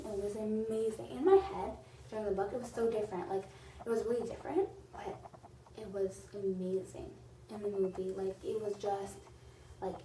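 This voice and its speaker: A woman's voice: mid-range voice, recorded from a distance. A woman reviewing a movie in a casual vlog, gushing and rambling with lots of "like". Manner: gushing, rambling, heavy use of "like". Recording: roomy echo, off-mic, faint noise.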